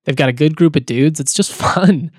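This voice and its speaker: A man hosts a sports podcast, chatting loosely with fillers and the odd chuckle. His voice sits a bit high, and the sound is dry and close, with no room around it. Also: moderate pace, darkish tone, husky, no room sound. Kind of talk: casual podcast talk and read ad.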